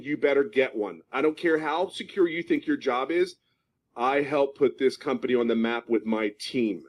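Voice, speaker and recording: A program member originally from Philadelphia, USA, and now at home in California, delivers a passionate testimonial. This man in his fifties has a slightly high voice, speaks emphatically and repeats himself for stress, and the recording is rough.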